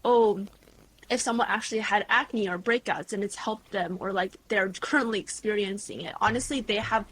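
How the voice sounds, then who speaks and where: A woman in her twenties, a guest creator, chatting casually in an interview with lively storytelling and lots of fillers. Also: medium pitch, normal speed, slightly rough. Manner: bubbly, animated storytelling with frequent "like" and laughs.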